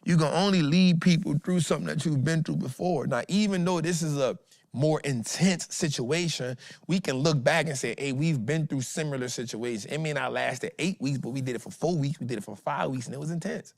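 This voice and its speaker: Man, motivational host, slangy, animated, higher voice, dry sound. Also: fairly quick, gravelly, dry recording. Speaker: podcast host, trading educator. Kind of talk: motivational casual talk.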